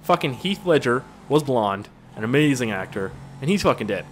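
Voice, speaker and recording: A man's voice: medium pitch, sing-song, moderate pace, a little hiss or hum. A young man doing casual, profane gameplay commentary, rambling and joking as he plays. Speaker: gaming channel host.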